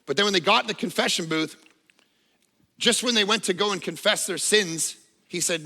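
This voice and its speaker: Brief: man in his 40s, pastor delivering a sermon; high, bright and edgy voice; lively storyteller; reverberant church hall. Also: normal speed. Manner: lively conversational storytelling with humor. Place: church auditorium.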